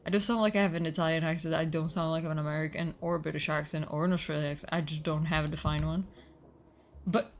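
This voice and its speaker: A woman streamer chatting casually with her viewers, talkative, swearing freely and reacting loudly. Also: low voice, fairly even intonation, quick pace, a little hiss or hum. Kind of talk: casual live-stream chat.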